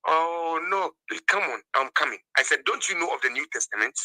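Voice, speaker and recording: Fast, bright-voiced man arguing back. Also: a little high, animated, slight background noise, poor audio. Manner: defensive, answers with counter-questions. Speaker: debater. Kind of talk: heated religious debate.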